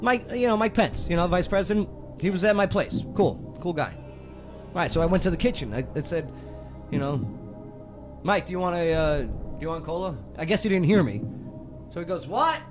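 A man hosting a talk show, running a trivia quiz with jokey, lively banter and frequent laughs. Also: sits high, normal speed, music in the background. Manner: jokey, animated, laughs often.

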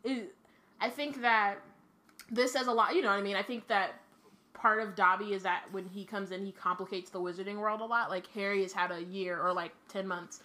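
Woman co-host, bright tone, chatty rambling book-talk delivery. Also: medium pitch, steady tone, fairly quick. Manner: rambling, lots of fillers and restarts, swears casually. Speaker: podcast co-host. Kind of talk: casual book discussion.

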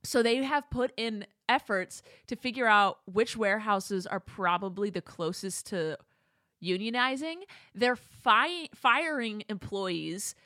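A woman hosting a casual chat show with her mother, ranting in an animated way and laughing often. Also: medium pitch, a little slow, dry recording, studio quality. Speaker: host. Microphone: studio microphone.

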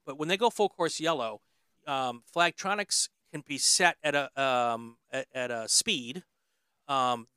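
A man hosts a casual interview podcast, filling his sentences with ums and uhs. His voice is bright and smooth. The recording is dry, with no room sound. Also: medium pitch, dry recording. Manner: hesitant, lots of ums and uhs. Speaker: podcast host.

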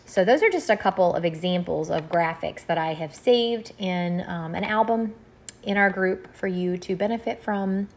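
A woman leading a group, reading through graphics and explaining them in a gentle, earnest way. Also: on the low side, normal speed.

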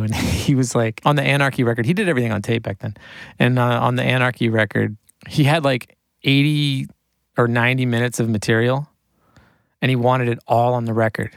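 A man with an ordinary mid-range voice tells studio anecdotes, his pitch jumping around as he acts out the people in them. The sound is dry and close on a studio mic. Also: vocal fry, no room sound. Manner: animated, full of "like", acts out the voices in his stories. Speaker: recording engineer. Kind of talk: casual storytelling.

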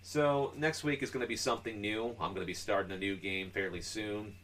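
A man with a somewhat low voice talks casually on a gaming podcast. He explains in a loose, rambling way, with lots of filler words. It sounds like relaxed chat between friends. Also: fairly quick, slight background noise. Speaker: podcast co-host.

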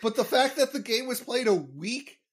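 Joking man with a lively voice. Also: very high voice, moderate pace. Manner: joking, laughs often, explains trivia. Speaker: podcast co-host. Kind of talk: casual episode recap chat.

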